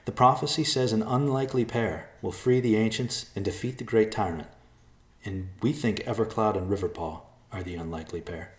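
A man's voice: on the low side, a little fast, roomy sound, voice pushed up, close to an everyday voice. A man voicing a nervous adult man in a storybook reading, pleading earnestly and stammering.

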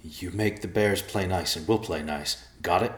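A man's voice: deep voice, normal speed, close to an everyday voice. An anxious tall man speaks in a lifted, hesitant voice, as a man puts him on. He is politely nervous, and the room echoes around him. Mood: menacing. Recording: roomy echo.

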